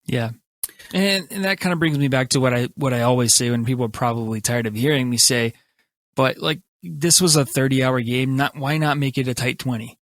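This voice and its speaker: A man co-hosting a podcast, asking questions in a halting way with frequent restarts. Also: medium pitch, fairly bright tone, no echo. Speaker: podcast co-host. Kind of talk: casual podcast chat.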